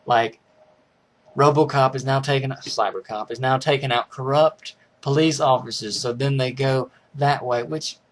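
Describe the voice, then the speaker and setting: A man's voice: mid-range voice, fairly even intonation, moderate pace. A man casually recapping a movie's plot in a rambling way, restarting sentences and chuckling as he goes. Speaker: movie reviewer.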